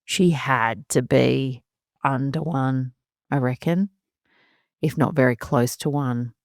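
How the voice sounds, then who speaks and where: Woman in her thirties, low voice, candid podcast host who laughs through her worries, dry close-miked sound. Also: takes it slowly, vocal fry, no echo. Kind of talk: solo parenting podcast monologue.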